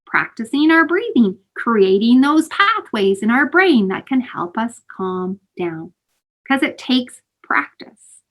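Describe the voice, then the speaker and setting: Woman, kids' mindfulness teacher, fairly high and animated, sing-song delivery, video-call sound. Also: slow pace. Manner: animated, sing-song, calls kids sweethearts. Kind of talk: teaching kids breathing exercises. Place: home, virtual session.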